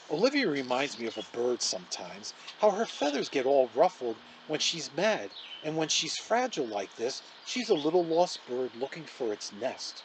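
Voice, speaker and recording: A man, a local actor, reading a children's novel aloud in an expressive storytelling way. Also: mid-range voice, a little hiss or hum, rough recording. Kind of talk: storybook read-aloud narration.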